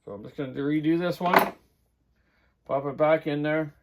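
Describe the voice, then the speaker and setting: A man's voice: fairly high pitch, normal speed, heavy background noise. A middle-aged man giving a casual hands-on repair demonstration in his workshop, rambling and correcting himself as he works. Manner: rambling, talks while working, self-correcting. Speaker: chainsaw repair host. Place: home workshop.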